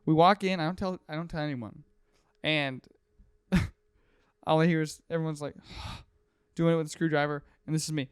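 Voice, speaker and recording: A man's voice: on the high side, normal speed, clear, resonant tone, no room sound, clean studio sound. A young man in his twenties hosting a podcast, telling a story with energy and acting out the people and noises in it. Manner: lively, acts out people and sound effects in his stories. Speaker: podcast host. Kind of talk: casual chat, animated storytelling.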